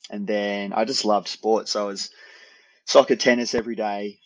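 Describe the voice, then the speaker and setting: A man's voice: fairly low pitch, flat delivery, moderate pace, no echo, rough recording. A man in his thirties from Australia with an Australian accent, a podcast guest chatting casually in an easygoing, rambling way. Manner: easygoing, rambling with restarts and laughs. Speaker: podcast guest, endurance athlete. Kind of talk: casual interview chat.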